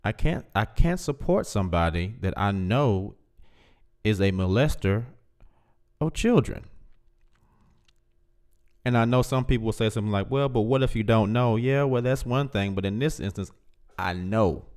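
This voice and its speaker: Guy hosting a call-in stream, blunt and emphatic, lowish voice. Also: animated, measured pace, pauses often, a little mellow. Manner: blunt, emphatic, addresses chat directly. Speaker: host of a live call-in show. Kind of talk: casual commentary.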